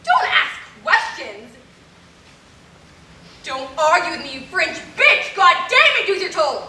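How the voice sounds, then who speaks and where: A woman's voice: high voice, animated, moderate pace, bright, forceful tone. A woman playing a vain, melodramatic stage diva. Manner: melodramatic, imperious. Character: vain, theatrical glamorous stage actress. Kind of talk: community stage play. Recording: echoey hall from far off, noise.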